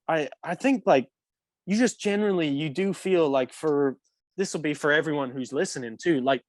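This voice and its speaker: A man's voice: a little high, normal speed, dry recording. A young man, a former pro hockey player from England, telling a story as a podcast guest in a rambling way full of fillers. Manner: rambling, lots of "like" fillers, laughs mid-story. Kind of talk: casual storytelling.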